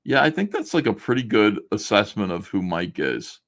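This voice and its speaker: A man's voice: fairly low pitch, very animated, moderate pace, a bit bright. A man casually reading old messages aloud on a stream and mocking them with a sarcastic, laughing manner. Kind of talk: casual commentary on a live stream.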